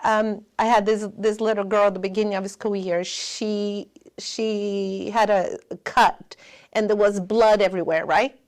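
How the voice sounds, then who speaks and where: A woman giving a spiritual lecture in earnest, non-native English, often dropping to a hush. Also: medium pitch, little pitch movement, measured pace.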